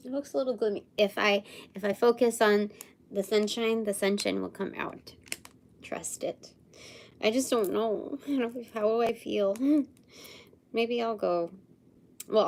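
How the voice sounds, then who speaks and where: A woman hosts a live intuitive session on a livestream, musing hesitantly as she thinks aloud and sometimes sinking to a murmur or whisper. Her voice is medium-pitched and creaky.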